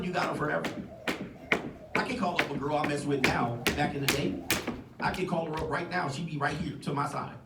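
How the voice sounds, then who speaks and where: A man hosting a casual livestream podcast, joking and rambling with frequent laughs. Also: fairly high pitch. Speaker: podcast host. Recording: echoey, distant mic, loud noise.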